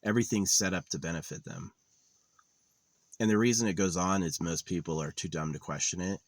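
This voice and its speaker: A man's voice: sits low, lively intonation, normal speed, no echo. A young man rambling in a cynical, profane monologue vlog, recorded outdoors while he walks around a wooded area.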